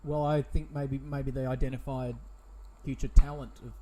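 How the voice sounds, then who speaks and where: A man's voice: mid-range voice, flat delivery, moderate pace, dark tone, slight background noise. A man hosting a comedic radio show in a frantic, theatrical, indignant way. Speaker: radio host.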